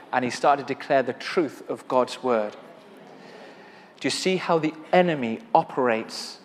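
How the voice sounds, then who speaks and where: A man preaching a sermon with personal testimony, telling his story with rising passion and fervent declarations. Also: mid-range voice. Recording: long hall reverb.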